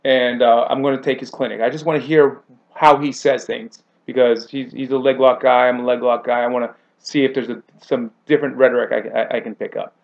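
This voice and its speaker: A man's voice: a little fast, gravelly, dull audio. A man who coaches grappling, chatting on a podcast and acting out quoted people with big jumps in his voice. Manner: animated storyteller, acts out quotes with big pitch jumps. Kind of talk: casual podcast chat.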